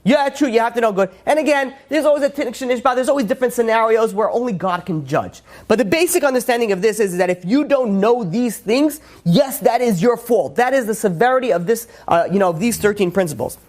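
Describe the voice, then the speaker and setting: A rabbi delivers a religious lecture in a very high, lively voice, talking briskly with hardly any pauses. He teaches emphatically, throwing out rhetorical questions and restarting often.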